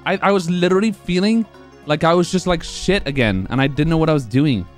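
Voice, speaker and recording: A man's voice: a little high, brisk, soft background music. Breathless, hyped young male streamer. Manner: excited, profane, laughing between lines. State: out of breath from laughing. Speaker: speedrun streamer. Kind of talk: live stream celebration.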